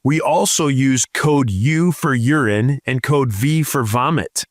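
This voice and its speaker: A man's voice: medium pitch, slow pace, no echo. A man co-hosting a casual podcast, reading out listener profiles and adding dry comments. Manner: reads listener profiles aloud with dry asides. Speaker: podcast co-host.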